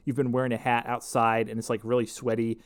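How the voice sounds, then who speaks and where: A man's voice: medium pitch, flat delivery, fast. Joking man rambling about a TV episode. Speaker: podcast co-host. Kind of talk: casual chat.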